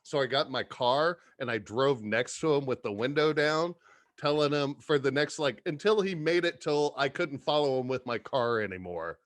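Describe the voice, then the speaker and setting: Man, podcast guest, cussing storyteller, mid pitch, dead-dry close sound. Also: normal speed, no echo. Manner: profane, animated storyteller. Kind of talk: casual storytelling chat.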